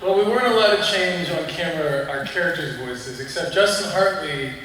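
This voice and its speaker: A man's voice: on the high side, fairly quick, a bit bright, slight background noise. A man on a convention panel, telling easygoing anecdotes. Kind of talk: panel storytelling. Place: large convention hall. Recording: echoey hall, distant mic, crowd.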